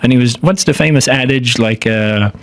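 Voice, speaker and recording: A man's voice: mid-range voice, dry recording. An Irish man from Ireland, chatting casually as a guest and telling anecdotes with acted-out quotes. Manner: rapid storytelling with acted-out quotes. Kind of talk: casual chat.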